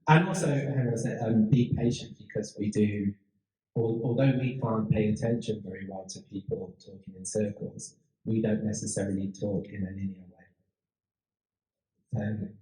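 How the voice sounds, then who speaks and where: Man, dark and mellow tone, chatty talk speaker, echoey room. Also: lowish voice, fairly even intonation, moderate pace. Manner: chatty, rambling, with frequent restarts and laughs. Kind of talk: casual public talk with audience Q&A.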